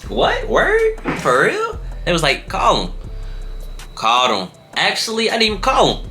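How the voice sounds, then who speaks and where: A young man vlogger telling a story in casual slang. His voice jumps up in pitch when he acts out what people said. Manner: animated, slangy, jumps high in pitch when acting out quotes.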